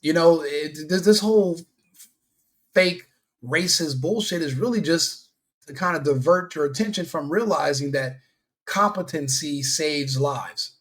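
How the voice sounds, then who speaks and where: A man's voice: a little high, unhurried. A man hosting a commentary video, delivering a heated, scornful opinion rant with lots of repetition.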